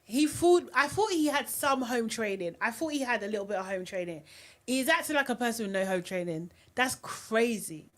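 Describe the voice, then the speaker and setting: Animated woman hosting a TV recap. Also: on the high side, normal speed. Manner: animated and outspoken, often mocking voices. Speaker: reality TV recap host. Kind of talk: live recap and review chat.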